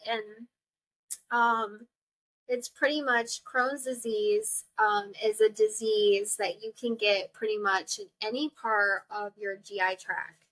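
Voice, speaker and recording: A young woman hosting a podcast, telling a personal story in a chatty, animated way, acting out the people she quotes and laughing often. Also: mid-range voice, slow, poor audio. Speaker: podcast host. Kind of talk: casual storytelling monologue.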